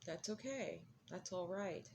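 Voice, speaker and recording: Slow rambly vlogger, laughs at own jokes a lot, casual smoke-break chat. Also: medium pitch, expressive, gravelly, darkish tone, slight background noise. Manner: rambling, laughs often, self-mocking. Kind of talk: casual chat while smoking.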